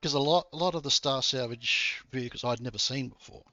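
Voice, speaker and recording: While streaming a game, a man chats casually and rambles, swearing now and then. His medium-pitched voice is sharp and fairly quick, captured dry on dull lo-fi stream audio with faint music behind it.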